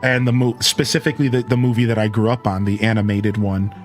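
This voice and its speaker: A man in his thirties from Ohio, with an Ohio accent, chats casually with viewers during a live stream, his fairly low voice moving fast over faint background music. He's animated, rambling and correcting himself as he talks.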